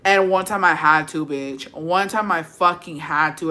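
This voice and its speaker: A woman chats casually on a livestream and reads out viewer comments. Her bright, sharp-edged voice carries brash, profane storytelling, and she mixes English with Spanish as she goes. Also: low voice, measured pace. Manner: switches between English and Spanish. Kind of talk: casual chat.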